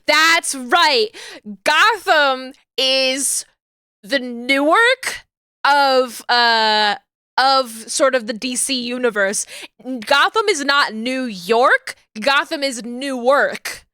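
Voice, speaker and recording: A chatty woman streamer whose natural voice sits high and sounds bright. Her tone is smooth and clean, and the sound is dry and close. She talks casually and laughs often. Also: drawn-out words, no room sound. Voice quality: high natural register, finds low voices hard. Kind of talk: casual chat while streaming a game.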